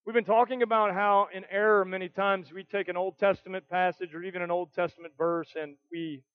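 A man's voice: sits high, level tone, a little fast, muffled recording. A man preaching a sermon, reading scripture aloud and stressing key words earnestly. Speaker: pastor.

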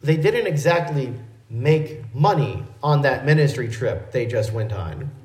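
A male pastor giving an expository sermon in a measured, explanatory teaching manner. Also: medium pitch, expressive, darkish tone, reverberant, low-quality recording.

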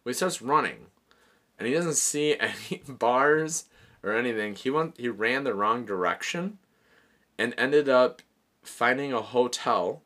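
A man with a bright, forceful voice hosting a casual podcast chat. He tells his story in an animated way, swearing freely and laughing through it. He keeps a loose, conversational delivery. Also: medium pitch, measured pace. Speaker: podcast host.

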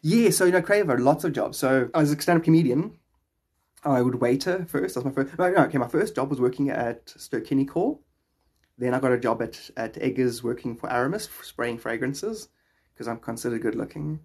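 A man's voice: mid-range voice, expressive, a little fast, a little mellow, breathy edge. A young South African man chatting casually with his live stream viewers, rambling and laughing often.

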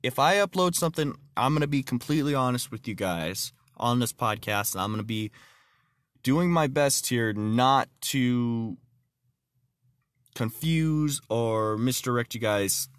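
A man's voice: mid-range voice, animated, unhurried, dry recording, studio quality. A man hosting his own podcast, talking earnestly and plainly and telling jokes. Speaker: podcast host. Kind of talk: casual podcast monologue.

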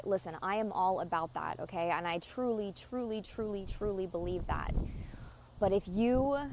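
A woman's voice: medium pitch, slight background noise. A woman hosting a podcast, giving blunt, emphatic advice in a casual monologue and often repeating herself. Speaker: podcast host.

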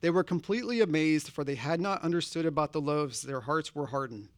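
A man's voice: a little high, fairly quick, clear, resonant tone, dry recording, studio quality. A man preaching a sermon, earnest and conversational, posing direct questions to his congregation. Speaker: pastor.

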